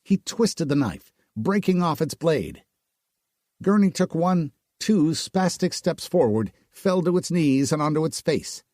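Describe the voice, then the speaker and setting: A male audiobook narrator tells a grim story at an unhurried, dramatic pace. His voice sits a little high and moves a lot in pitch, recorded dry with no room sound. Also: lively intonation, a little mellow, dry recording. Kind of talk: scripted narration.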